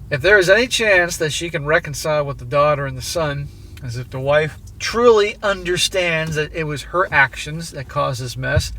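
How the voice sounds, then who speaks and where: Bright-voiced man reading and commenting. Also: a little high, a little hiss or hum. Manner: blunt and chatty, swears offhandedly. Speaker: host. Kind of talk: reading a viewer email aloud with casual commentary.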